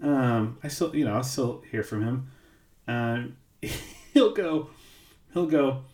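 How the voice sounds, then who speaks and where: A man's voice: medium pitch, measured pace. A man co-hosting a casual podcast chat, laughing often as he tells stories. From Missouri. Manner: laughing, animated storyteller. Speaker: podcast co-host. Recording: roomy echo.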